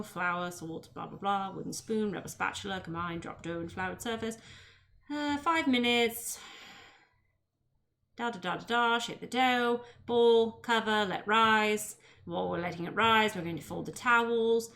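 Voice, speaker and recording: A woman's voice: fairly high pitch, fairly bright tone, slight background noise. An American woman live streaming while cooking at home, chatting playfully and rambling in a put-on English accent. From United States.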